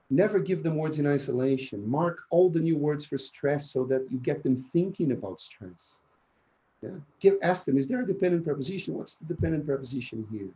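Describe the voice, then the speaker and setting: Over a video call with poor audio, a medium-pitched man trains teachers in an online conference talk. He speaks with energy and keeps checking in with "yeah?"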